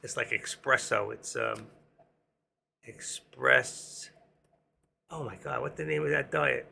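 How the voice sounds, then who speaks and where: A man in his sixties hosting a casual stock trading livestream, rambling and joking between chart calls, his voice going hoarse. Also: medium pitch, takes it slowly, sharp tone, slight background noise. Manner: rambling, joking asides, sings snatches of songs. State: losing his voice. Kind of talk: casual live-stream market commentary.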